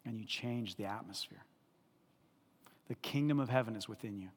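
A male pastor preaching a sermon, animated and repetitive, checking in often with the congregation. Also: on the low side, moderate pace, slightly rough, in a large hall.

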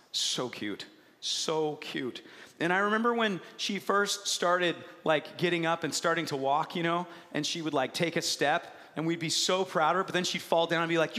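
A man in his thirties preaching a sermon, animated, acting out voices and swinging between hushed and loud. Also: a little high, long reverb tail. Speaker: pastor.

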